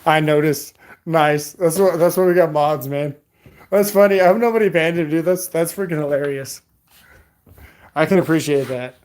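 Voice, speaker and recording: A man's voice: fairly high pitch, normal speed, a little mellow, a little hiss or hum. Laid-back Bermudian man chatting on stream. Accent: Bermudian mixed with Texas country. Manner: reads viewer comments aloud and answers in a loose, joking way. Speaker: livestream host. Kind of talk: casual livestream chat.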